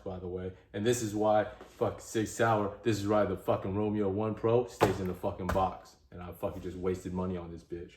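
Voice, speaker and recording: A man's voice: on the low side, steady tone, moderate pace, darkish tone, reverberant, a little hiss or hum. A man vlogging a gear review who swears a lot and talks straight to his viewers. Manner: frustrated, swears heavily, talks to viewers as "guys" and "gents". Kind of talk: casual gear vlog.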